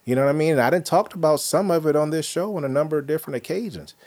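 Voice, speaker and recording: A man hosting a podcast in casual chat, telling animated, profane stories and opinions. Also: a little high, racing. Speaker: podcast host.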